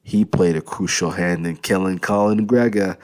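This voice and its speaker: A man's voice: sits low, normal speed, natural voice. A man voicing a cheerful, tall middle-aged uncle who talks in an upbeat, eager way. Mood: excited.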